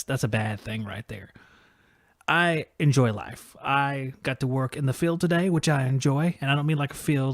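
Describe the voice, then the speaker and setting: A man's voice: medium pitch, no room sound, studio quality. A man hosting a live podcast, chatting casually in a rambling, joking, self-deprecating way. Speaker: podcast host. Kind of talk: casual livestream chat.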